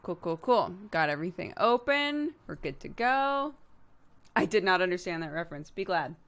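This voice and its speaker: A woman's voice: fairly low pitch, sing-song, normal speed, fairly bright tone. A woman streamer in casual livestream chat, rambling playfully and laughing often.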